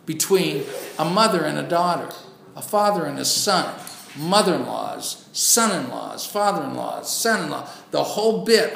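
A man preaching a sermon emphatically, swinging between loud declarations and hushed asides. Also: a little high, vocal fry, slight background noise. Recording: roomy echo.

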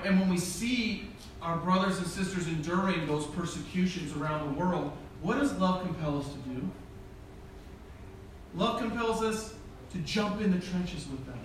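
The middle-aged preacher has a high voice, with slight background noise, as he acts out the lines of a humorous story during his sermon. It's recorded from far away in a very echoey church hall.

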